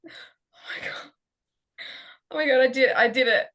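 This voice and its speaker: An Australian woman improvising a comedy scene in a giggly, playful way, with halting restarts. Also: high voice, a bit bright.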